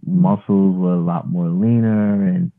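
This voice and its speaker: A man's voice: low-pitched, steady tone, a little slow, creaky. A man in his thirties telling a story as an interview guest, laid-back and rambling with lots of fillers. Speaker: guest, yoga practitioner. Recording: phone-like narrow line.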